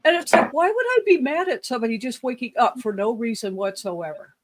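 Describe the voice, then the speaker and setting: Give me a podcast co-host in loose, casual conversation, drifting through a long story full of "um"s and small laughs, at an ordinary, middle pitch. The talk meanders and picks up energy at the funny parts. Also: expressive, fairly quick, very noisy. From lived in the southwestern US. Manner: rambling anecdotes with frequent fillers and laughs.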